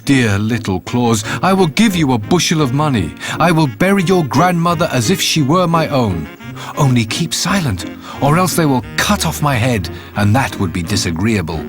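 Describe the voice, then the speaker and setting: A man voicing a rich, quick-tempered male innkeeper in a storybook, loud and fretful. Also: mid-range voice, big pitch swings, music in the background, natural voice. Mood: pleading.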